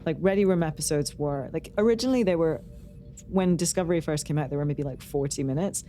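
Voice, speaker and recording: Low, mellow-voiced woman podcaster. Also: fast talker, faint music behind. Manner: chatty, rambling, with many likes. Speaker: podcast co-host. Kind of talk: casual chat.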